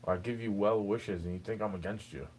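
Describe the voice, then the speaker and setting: Fast and steady in tone, his fairly low, darkish, slightly rough voice carries an improvised rant delivered straight to the listener, full of grievance, rambling, and repeated "bro"s. The young man is captured in poor audio.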